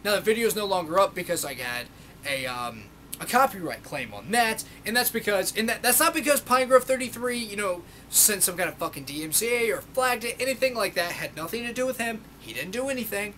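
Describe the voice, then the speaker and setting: Young male vlogger, high-pitched, profane and mocking, faint noisy recording. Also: big pitch swings, fairly quick, sharp tone. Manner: sarcastic, swears constantly, mocks others in put-on voices. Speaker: video blogger. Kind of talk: profane ranting monologue.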